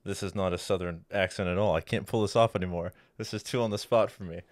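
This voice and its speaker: Deep-voiced laughing podcast co-host. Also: male voice, steady tone, fast talker, dry recording, studio quality. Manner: laughing, self-deprecating. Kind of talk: casual podcast banter.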